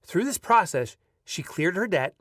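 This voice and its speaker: Higher-voiced man reading his own book. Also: a little slow, dry recording, studio quality, far from the mic. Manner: lively storyteller who breaks off to chat offhand. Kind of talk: audiobook narration with casual asides. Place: video recording setup.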